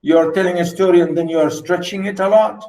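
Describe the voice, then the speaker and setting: A man's voice: high voice, fairly even intonation, quick pace, a little mellow. A man whose first language is Arabic, giving a university literature lecture, stressing points by repeating words. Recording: roomy echo.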